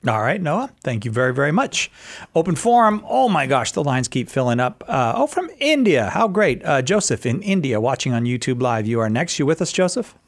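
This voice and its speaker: A man's voice: mid-range voice, sing-song, fairly quick. A man hosting a call-in show, upbeat as he introduces the next caller. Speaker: host. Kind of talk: radio hosting.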